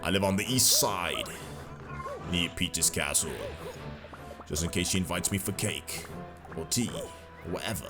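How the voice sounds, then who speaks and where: A man's voice: sits low, lively intonation, measured pace, long pauses, pitched below the performer's own voice. A man putting on a posh British voice for a cartoonish plumber hero, speaking in a haughty, proper way over game music. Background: video game music.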